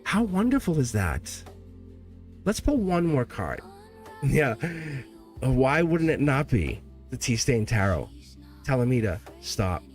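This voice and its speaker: A middle-aged man giving an earnest, animated live tarot reading, addressing the viewer directly and often breaking off mid-sentence. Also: slow pace, faint music behind. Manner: earnest and animated, swinging pitch, frequent laughs and self-interruptions. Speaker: tarot reader.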